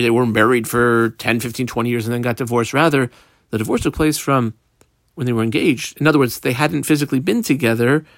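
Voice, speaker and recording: A man's voice: mid-range voice, no echo, clean studio sound. A man giving a casual Talmud lesson, reading Aramaic phrases and explaining them in English. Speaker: Talmud teacher.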